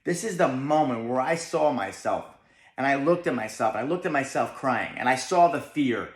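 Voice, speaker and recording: With a medium-pitched, expressive voice at normal speed, a young man from New Jersey gives a motivational talk. He is emphatic, keeps asking "right?", and the room has an echo.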